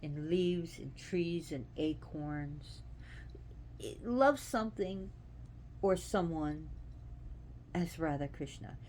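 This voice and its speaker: Earnest, lower-voiced woman chatting. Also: slow pace, pauses often, darkish tone, a little hiss or hum. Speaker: host. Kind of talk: casual devotional talk.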